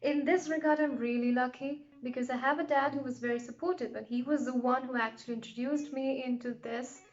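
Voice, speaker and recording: Woman vlogger, high voice, friendly and rambling, talks to the viewer like a pal. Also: fairly even intonation, brisk, lo-fi sound. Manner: chatty and encouraging, with lots of fillers and asides. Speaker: vlogger giving advice. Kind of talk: casual advice chat to camera.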